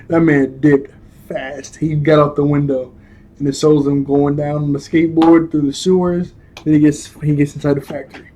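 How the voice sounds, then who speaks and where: A young man with a slightly high, warm voice casually recaps a cartoon episode. His review rambles and is full of slang, and he often laughs and corrects himself.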